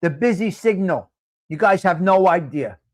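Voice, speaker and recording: A man's voice: high voice, expressive, moderate pace. A man hosting a live coffee talk stream, blunt and crude, laughing as he talks straight to viewers in the chat.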